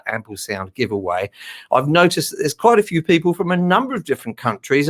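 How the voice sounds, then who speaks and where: A middle-aged man hosts a live stream in casual chat. He rambles warmly along with plenty of ums and uhs and sounds a touch nervous. His pitch sits in an ordinary middle range. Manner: chatty, slightly nervous, many fillers.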